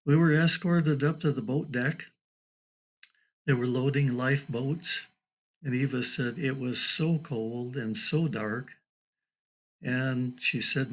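Slow-paced older male storyteller. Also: medium pitch, rough recording. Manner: measured, deliberate storyteller quoting a witness. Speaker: local historian telling a story.

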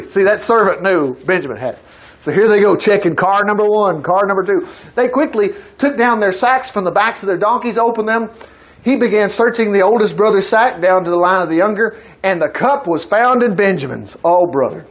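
A man teaches through a Bible passage in casual study style. His voice sits high, and he keeps pausing the reading to chuckle and comment. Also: lively intonation. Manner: reads aloud, breaks in with chuckling asides.

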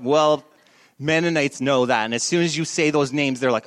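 A male pastor giving a sermon, telling a story in a lively, animated way with shifts in volume and pace. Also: medium pitch, moderate pace.

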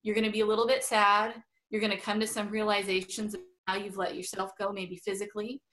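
A woman's voice: mid-range voice, flat delivery, fast talker, pushed and bright. A middle-aged woman chatting as an interview guest, full of fillers and frequent laughs. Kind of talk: casual interview chat.

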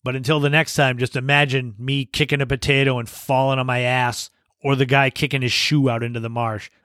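A man's voice: medium pitch, level tone, brisk, a bit bright, clear, resonant tone, no echo, clean studio sound. A man hosting a podcast, telling casual anecdotes and laughing as he goes. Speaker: podcast host. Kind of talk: casual storytelling monologue.

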